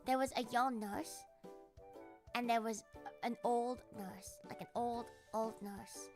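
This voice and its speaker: A woman livestreamer telling a story in casual chat, animated, swearing a lot and laughing along. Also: a little high, slow pace, soft background music.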